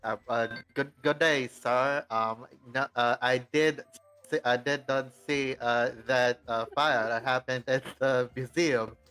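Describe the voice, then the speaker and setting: Casting: man doing a jittery adventurer, put-on deep Southern drawl, lots of stammering. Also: fairly even intonation, unhurried, a bit bright, smooth, faint music behind, close to an everyday voice, rough recording. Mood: nervous. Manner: stammering, hesitant, full of uh's. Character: nervous drawling male adventurer.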